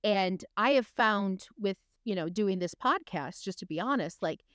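A woman's voice: mid-range voice, lively intonation, a little slow, a bit bright, no room sound, clean studio sound. A middle-aged woman co-hosting a podcast, talking frankly in a casual chat, often hesitating and restarting her sentences. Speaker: podcast co-host.

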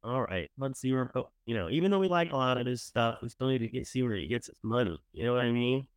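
A man hosting a casual commentary show, talking with a lively voice that swings from loud enthusiasm to mumbled asides. His tone is chatty and sarcastic. The recording is dry and close, with no room sound. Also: medium pitch, quick pace, clear, resonant tone, dry recording. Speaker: show host reviewing candidates.

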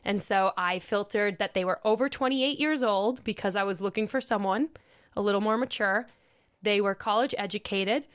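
A woman's voice: mid-range voice, normal speed, clean tone. Chatty young woman podcast host. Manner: chatty, laughs often while recounting. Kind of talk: casual storytelling podcast chat.

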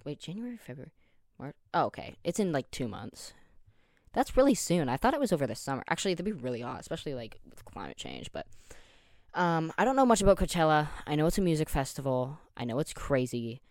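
A young man in his late teens hosts a casual solo podcast in a medium-pitched voice, recorded dry with clean studio sound through studio headphones and a desk mic. He rambles, jokes, and teases himself.

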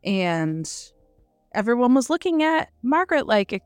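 Animated woman podcast co-host. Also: mid-range voice, unhurried, dry recording, faint music behind. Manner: animated retelling with acted-out quotes and swearing. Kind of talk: casual book review chat.

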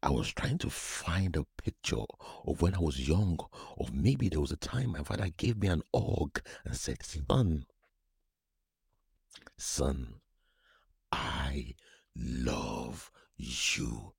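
A man with a very deep, gravelly, husky voice speaks slowly and softly, often close to a whisper. His pitch still rises and falls a lot. The recording is dry and close, with faint music underneath. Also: lively intonation, no echo. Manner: slow, soft, often whispery storytelling. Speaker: podcast host and recovery coach. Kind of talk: reflective podcast monologue.

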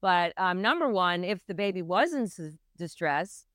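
A middle-aged midwife, appearing as a guest on a podcast interview, earnestly and intensely recounts her own difficult birth. Her voice sits fairly low and is expressive and fairly bright, delivered at a moderate pace. The studio-quality recording has no room sound.

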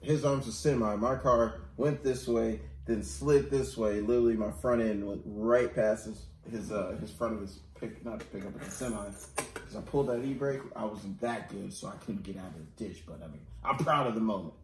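Man, low voice, casual chat, laughs often, self-deprecating, echoey room, faint noise. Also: normal speed, darkish tone.

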